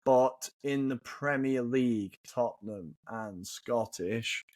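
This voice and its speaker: Speaking at a medium pitch and a slow pace, a man co-hosts a football podcast, chatting casually and often thinking aloud. He swears freely while hunting for answers, and the recording is dry and close-miked with no echo.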